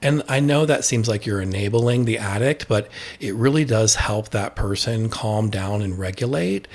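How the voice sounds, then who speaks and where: A man's voice: on the low side, normal speed, a little mellow. A man, an addiction expert, speaking candidly in a podcast conversation and telling a personal story with quoted dialogue.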